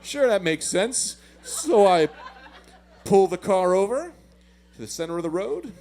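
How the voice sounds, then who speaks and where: Thirties male stand-up, high bouncy voice, animated character bits, faint room tone. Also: a little slow, slight background noise. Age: 30s. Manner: animated, acts out voices with big pitch swings. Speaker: stand-up comedian. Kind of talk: stand-up storytelling.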